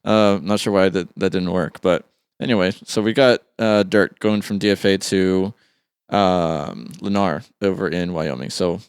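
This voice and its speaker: A man's voice: low-pitched, fairly even intonation, measured pace, clear, resonant tone, dry recording, studio quality. A man hosting a let's play, chatting casually and thinking aloud with an easygoing, chuckling manner. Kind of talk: casual gameplay commentary.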